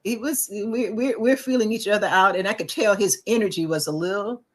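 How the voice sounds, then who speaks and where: A woman's voice: mid-range voice, brisk. A middle-aged woman co-hosting a talk show, telling a personal story in casual chat and acting out the voices of people she quotes. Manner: animated storyteller, acts out quoted voices, restarts often.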